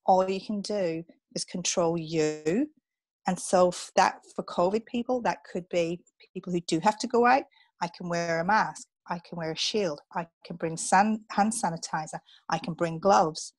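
An English woman who works as a relocation coach gives upbeat advice in a casual interview, animated and dropping in coaching asides. Her voice is mid-range, and there's no room sound.

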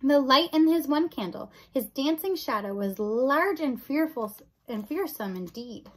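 A woman reading a children's novel aloud in an expressive storybook narration. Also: high voice, a little slow, low-quality recording. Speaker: audiobook reader.

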